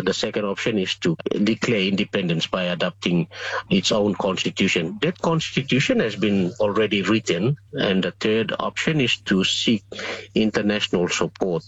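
A man, speaking slowly and measuredly with pauses in an interview. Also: sits low, husky, no echo, muffled recording. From Bougainville, Papua New Guinea.

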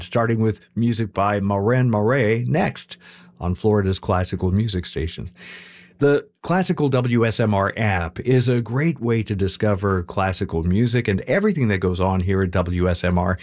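A man announcing on a classical music radio station, relaxed and friendly with a slightly playful touch. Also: mid-range voice.

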